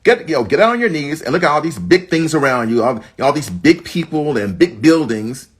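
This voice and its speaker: Animated husky-voiced man teaching. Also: normal speed. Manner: animated, leaps up in pitch to stress points, addresses the audience as folk. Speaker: mental health educator. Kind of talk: livestream teaching talk.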